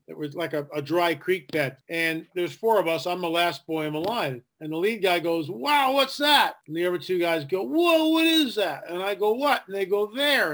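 An older man, an author and podcast guest, telling stories in a lively, animated way and acting out the voices of people he quotes. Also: fairly high pitch. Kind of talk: casual storytelling interview.

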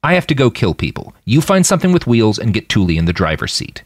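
A man's voice: on the low side, very animated, fast, dry recording, clean studio sound. A man doing a clipped, commanding fighter. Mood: impatient. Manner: clipped and curt. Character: cold, commanding male fighter.

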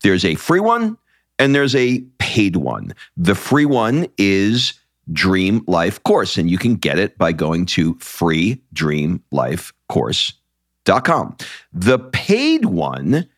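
Brash, lively man hosting a podcast. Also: low voice, slow, no room sound, clean studio sound. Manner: brash, joking, salesy. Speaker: podcast host. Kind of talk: casual podcast chat with his wife.

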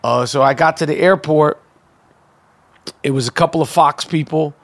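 A man with a high-pitched voice tells a story on his podcast. He is loose and animated and curses freely. He stumbles through fillers and restarts as he talks. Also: normal speed. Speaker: podcast host.

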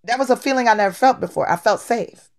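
Animated woman telling a playful story. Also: on the high side, quick pace. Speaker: guest comedian. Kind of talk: casual storytelling.

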